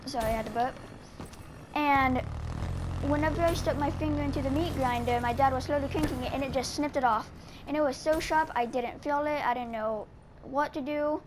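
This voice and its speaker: A woman's voice: high voice, fairly quick, background noise. A woman telling a casual story while she plays a game, rambling and full of filler words. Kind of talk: casual storytelling over gameplay.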